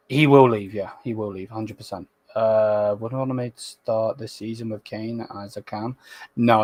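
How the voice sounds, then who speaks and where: A man hosting a fan livestream, reading chat comments in a casual, slangy way and bursting into loud, sweary excitement. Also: lowish voice, no echo. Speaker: fan channel host.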